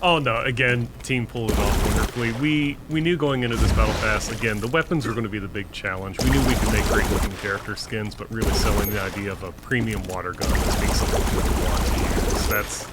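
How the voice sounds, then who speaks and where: A man, a game developer, chatting in a relaxed, agreeable way on a live stream. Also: fairly low pitch, fast, hardly any pauses. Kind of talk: casual live-stream chat. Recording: loud background noise.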